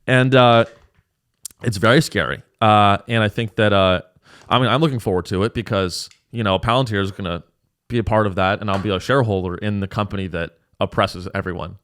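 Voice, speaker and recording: A man's voice: on the low side, a little fast, fairly bright tone, clean tone. A man hosting a podcast, talking casually in a rambling, profane and sarcastic way. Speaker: podcast host. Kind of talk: casual chat.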